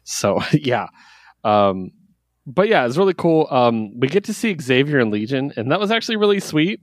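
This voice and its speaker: A man co-hosting a podcast, chatting about the week's comics in a mid-range voice. He gets excited, laughs a lot and acts out lines as he talks. The recording is dry and close. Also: mid-range voice, normal speed, no echo. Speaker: podcast co-host reviewing comics. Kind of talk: casual chat.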